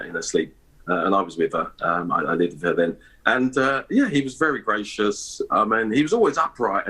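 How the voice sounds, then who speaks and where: A middle-aged East London man, appearing as an award ambassador on a live broadcast interview, speaks haltingly with lots of fillers and false starts. His voice sits low, slightly bright with a breathy edge, and the recording is rough.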